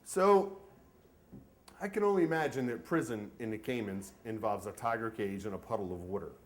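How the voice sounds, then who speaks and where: A man telling a comic story about himself at a live story event, in an animated, joking way. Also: fairly low pitch, normal speed. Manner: animated, comic, self-mocking.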